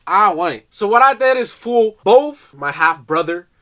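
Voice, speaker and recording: Bright-voiced young man telling a prank story. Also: high-pitched, normal speed. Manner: animated, reads out texts in a mock voice, jokey. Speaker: vlogger. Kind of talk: casual storytelling vlog. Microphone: phone.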